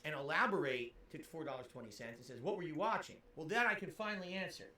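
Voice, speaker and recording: A man's voice: a little high, quick pace, bright, forceful tone, echoey room. A man livestreaming and reading out tips in a goofy, over-the-top, theatrical manner. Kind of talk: livestream chat.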